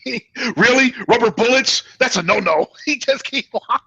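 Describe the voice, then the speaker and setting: A man's voice: very high voice, animated, normal speed, bright, forceful tone, husky, lo-fi sound. A man co-hosting a casual movie review chat, joking and laughing often.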